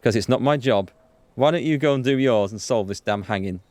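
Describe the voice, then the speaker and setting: A man hosting a let's play, reading the game's dialogue aloud with quick asides to viewers. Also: no room sound. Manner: reads dialogue aloud with quick asides, jumps in pitch when excited. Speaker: gaming channel host.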